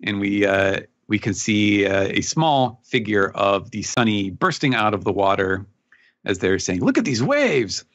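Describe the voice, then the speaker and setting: A man's voice: on the low side, steady tone, measured pace, fairly bright tone, highs cut off. A man on a podcast recapping a comic chapter casually, hesitant and full of fillers. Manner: rambling, filler-heavy, hesitant. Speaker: podcast panelist.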